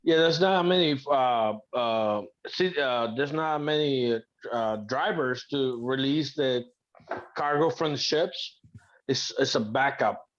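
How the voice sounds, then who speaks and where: A man in casual podcast banter, talking haltingly with many restarts and fillers. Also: mid-range voice. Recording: dull muffled sound.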